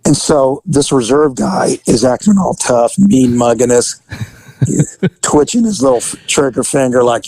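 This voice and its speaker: A middle-aged man, a former police officer, casually telling a story, animated, swearing, laughing and acting out the voices of the people in it. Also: mid-range voice, a little slow, no echo, low-quality recording. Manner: profane, laughing often.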